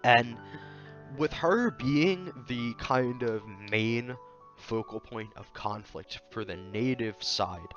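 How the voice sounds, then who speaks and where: A man's voice: lowish voice, lo-fi sound. A man reviewing a manga chapter in a casual commentary video, thinking aloud with fillers and acting out the characters' lines as he quotes them. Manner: loose, thinking aloud, fillers, quoting characters in lively voices.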